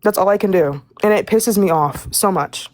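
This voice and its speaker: A woman's voice: medium pitch, moderate pace, a little mellow, dry recording. A young woman speaking in a live audio room, angry and indignant, stumbling over her words as she rants. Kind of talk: heated live call-in rant.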